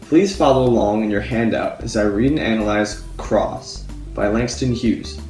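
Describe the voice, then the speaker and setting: A man's voice: fairly low pitch, normal speed, darkish tone. A man presenting an analysis of a poem to a class, reading explanations from his notes. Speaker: student presenter. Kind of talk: read school presentation. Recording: echoey room with guitar behind.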